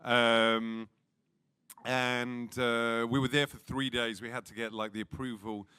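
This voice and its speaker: A man's voice: medium pitch, level tone, takes it slowly, pushed and bright, clear, resonant tone. Laughing man telling filming stories. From England. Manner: casual storyteller, laughing through his punchlines. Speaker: film producer and interview guest. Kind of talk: comic anecdote.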